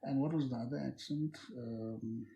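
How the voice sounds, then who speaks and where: A woman from Bhutan, chatting casually and playfully, often clearing her throat and hesitating. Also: extremely low pitch, moderate pace, dark tone, highs cut off. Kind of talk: casual chat.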